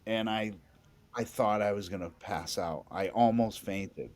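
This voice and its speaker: Excitable, story-telling bass musician, a man. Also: unhurried. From New England. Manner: animated, excitable, frequent restarts. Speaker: bassist guest. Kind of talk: storytelling in a podcast interview.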